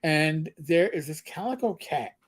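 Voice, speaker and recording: A man co-hosting a casual livestream chat, an animated storyteller who often restarts his sentences and reads viewer comments aloud. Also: on the high side, a little slow. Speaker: livestream co-host.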